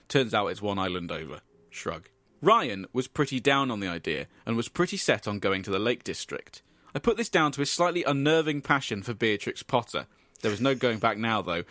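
A man hosting a comedy podcast, telling an absurd story in a dry, deadpan way with asides. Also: on the low side, no room sound.

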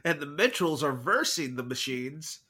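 A man's voice: on the high side, expressive, slow pace, pushed and bright, husky. A man co-hosting a movie podcast, chatting casually in a giggly, playful way. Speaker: podcast co-host. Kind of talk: casual chat.

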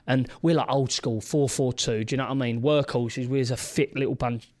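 A man's voice: mid-range voice, a little fast. A man, a former footballer co-hosting a podcast, who tells stories with lots of energy and acts out his old teammates. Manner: animated storyteller acting out teammates' voices. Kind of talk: casual storytelling chat.

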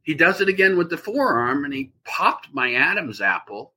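Husky-voiced man telling a rambling story. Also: fairly high pitch, moderate pace. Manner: rambling, animated anecdote telling. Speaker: actor guest. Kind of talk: casual storytelling interview.

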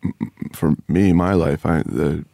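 A man's voice: rumbling low, measured pace, gravelly, warm tone, no room sound, clean studio sound. A man, an actor being interviewed, talking candidly and bluntly in casual conversation, with the odd swear word. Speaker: actor guest.

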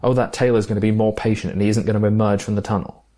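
Low-voiced man talking films. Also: flat delivery, very fast, mellow. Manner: enthusiastic, reflective, with fillers. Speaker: film podcast co-host. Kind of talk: casual film discussion.

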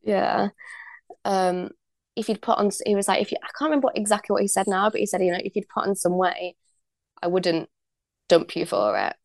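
A woman's voice: mid-range voice, expressive, brisk, vocal fry, no echo, studio quality. A young woman, a podcast guest telling a personal story in a chatty way, full of likes and ums, acting out what people said. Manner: chatty, many likes and ums, acts out quoted dialogue. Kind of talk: candid storytelling.

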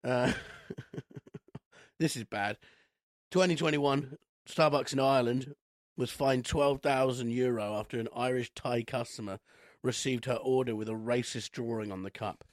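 A man's voice: mid-range voice, a little slow, no echo. Wry man, dry close sound. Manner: wry, laughs often, swears casually. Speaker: podcast co-host. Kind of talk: casual comedic chat.

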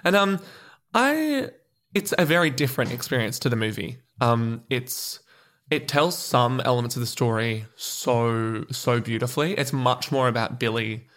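A man chats casually as a podcast co-host, mid-pitched and enthusiastic. He rambles happily, circling back over his own sentences. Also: animated, moderate pace, fairly bright tone. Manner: enthusiastic, rambling with restarts and fillers. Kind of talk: casual chat.

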